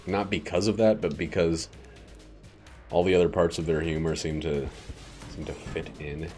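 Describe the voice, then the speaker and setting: A man's voice: low-pitched, fairly even intonation, moderate pace, darkish tone, soft background music. A man hosting a casual let's play, chatting and joking playfully between laughs. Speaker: gaming channel host.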